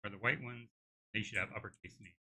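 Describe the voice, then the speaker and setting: A man's voice: fairly low pitch, fairly even intonation, fast talker, bright, forceful tone. A middle-aged man with a tired throat, live coding and thinking aloud, hesitant with many restarts. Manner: hesitant, many restarts while working things out. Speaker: game developer streaming live.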